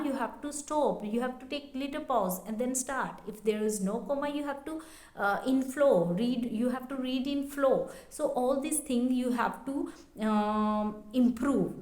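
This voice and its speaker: A woman's voice: on the high side, echoey room. A woman giving a casual spoken English lesson, hesitant, with many fillers and repeated phrases. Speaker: English teacher.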